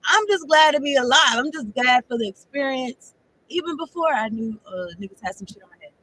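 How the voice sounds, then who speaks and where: Rambling, profane high-voiced woman tarot reader. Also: lively intonation, brisk, bright, forceful tone, a little hiss or hum, poor audio. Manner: rambling, profane, laughs often. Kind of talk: casual tarot reading monologue.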